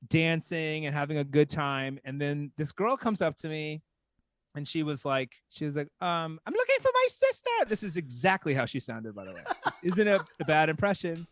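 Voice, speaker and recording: A man from small-town Texas telling a casual story as a podcast guest, animated and full of "like". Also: fairly high pitch, normal speed, no room sound. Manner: animated, heavy use of "like".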